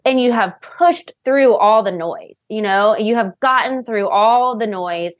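Woman host gushing over her guest, kinda teary, casual chat. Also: medium pitch. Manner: effusive, gushing with praise. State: tearful. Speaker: podcast host.

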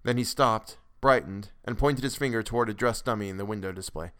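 A man narrating a classic story as a podcast host, in a measured, expressive way. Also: lowish voice, smooth. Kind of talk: dramatic storytelling reading.

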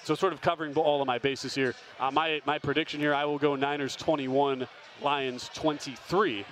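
A man hosting a sports betting show, his voice sitting a bit high as he runs through props and picks in long quick lists. He talks loosely, the way hosts do between segments, with a faint hum of noise underneath. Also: fairly even intonation, fairly bright tone. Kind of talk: casual betting analysis.

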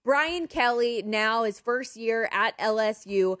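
A young woman co-hosting a sports betting show, talking in a bubbly, animated way and laughing often. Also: fairly high pitch, slow, no echo, clean studio sound. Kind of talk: casual sports betting chat.

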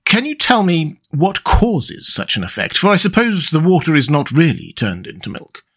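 A man's voice: on the high side, huge pitch swings, moderate pace, a bit bright, slightly rough, pitched above the performer's own voice, heavily acted. A man voicing an eager, polite young manservant who asks earnest, deferential questions in an audiobook reading. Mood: curious.

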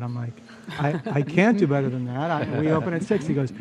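A man, a bartender telling stories in casual chat, animated and full of restarts. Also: fairly high pitch, normal speed, crowd noise. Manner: animated storyteller, frequent restarts. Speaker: bartender and storyteller.

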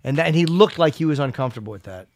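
Animated profane male podcast host. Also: on the high side, very fast, a crowd in the background. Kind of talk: casual sports chat.

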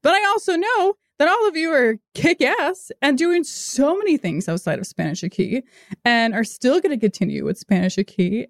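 A woman's voice: high-pitched, no room sound. A podcast producer, a woman, talks with open feeling and slips in teasing jokes. Her voice is recorded close and dry, with no room sound. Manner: earnest and emotional, teasing jokes. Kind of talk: casual podcast chat.

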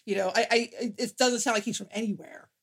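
A woman's voice: fairly high pitch, steady tone, fast talker, vocal fry, a bit bright, husky. A woman co-hosting a podcast in casual chat, often repeating words while gathering her thoughts. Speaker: podcast co-host.

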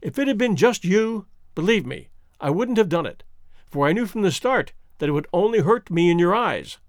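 A man voicing a devoted, hurt young gentleman in an audiobook, pleading earnestly. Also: sits high, animated, normal speed, dry recording, clean studio sound. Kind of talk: audiobook character reading.

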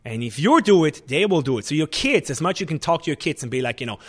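A man, a restaurant chef and owner, talking in an animated, emphatic way in a casual interview. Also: fairly high pitch, fast talker, hardly any pauses, husky.

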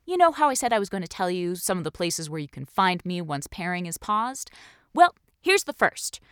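A woman's voice: mid-range voice, a bit bright, no echo, studio quality. A woman hosting a podcast, chatting casually and laughing often. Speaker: podcast host. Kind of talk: casual chat.

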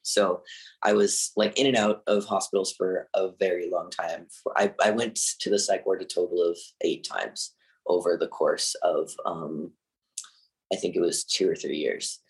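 A young man from Canada, telling a personal story candidly and haltingly, with many fillers and nervous laughs. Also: low voice, fairly even intonation, creaky, rough recording.

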